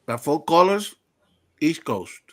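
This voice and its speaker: A man's voice: on the high side, very animated, takes it slowly. A man chiming in as a guest co-host on a livestream, making brief, thoughtful remarks. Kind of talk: casual chat.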